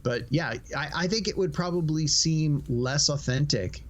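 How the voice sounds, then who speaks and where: Higher-voiced man co-hosting a podcast. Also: normal speed. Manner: reflective, repeats words while thinking. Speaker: podcast co-host. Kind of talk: casual movie review chat.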